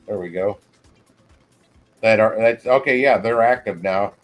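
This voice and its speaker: Man, lowish voice, easygoing livestream host who trails off and restarts a lot, faint music under him. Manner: rambling, halting, frequent restarts. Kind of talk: casual livestream chat.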